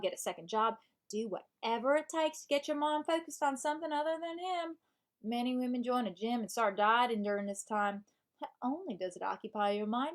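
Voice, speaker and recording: A woman's voice: sits high, close to an everyday voice. A woman reading a self-help book aloud in a put-on American Southern accent, voicing an earnest advice-giving woman. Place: home live stream.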